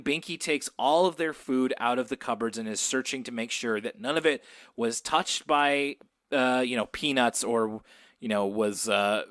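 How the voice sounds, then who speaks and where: A man's voice: medium pitch, fairly bright tone, no room sound, clean studio sound. A man co-hosting a podcast, recapping a cartoon in rambling, chatty talk and laughing easily. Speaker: podcast co-host. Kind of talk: casual chat recapping a cartoon.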